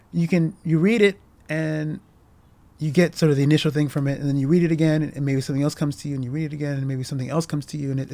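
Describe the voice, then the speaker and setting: Hosting a casual talk about a short film, a man with a mid-range, slightly mellow voice comes across as earnest and emotionally touched. His speech wanders, full of restarts and filler words.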